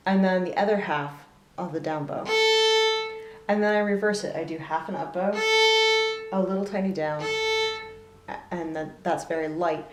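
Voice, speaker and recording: A woman giving a relaxed spoken fiddle lesson, thoughtful, often pausing with fillers as she explains bowing. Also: lowish voice, over loud music. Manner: thoughtful, with fillers and soft laughs, counting beats aloud. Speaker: fiddle teacher. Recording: roomy echo with loud fiddle playing.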